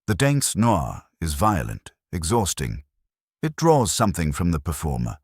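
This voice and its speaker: A man's voice: deep voice, huge pitch swings, unhurried, husky, dry recording, studio quality, heavily acted. A man voicing a blunt, cynical female choreographer from a ballet company.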